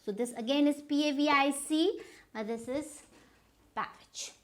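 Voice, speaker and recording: A woman with an Indian English accent explains how to say words in an informal lesson. Her voice sits a little high. She talks at an easy pace and often stops to check that her listeners are following. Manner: unhurried, stops often to check understanding with "right?". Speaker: pronunciation teacher.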